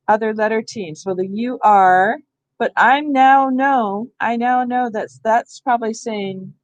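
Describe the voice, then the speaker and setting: A woman's voice: mid-range voice, dry recording, poor audio. A woman training teachers in a hands-on reading workshop, explaining step by step and thinking aloud. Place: school room.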